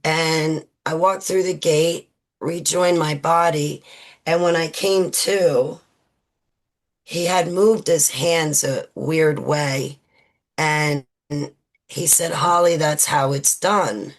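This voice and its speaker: A woman in her forties, a guest in an interview, recounting personal memories in a halting way with many fillers and restarts. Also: low voice, steady tone.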